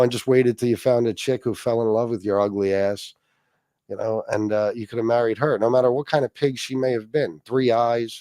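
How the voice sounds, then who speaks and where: A man's voice: mid-range voice, dark tone, no echo, studio quality. A middle-aged man hosting a livestream, ranting and mocking a rival with heavy swearing and asides to viewers. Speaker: livestream host. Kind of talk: casual profane rant.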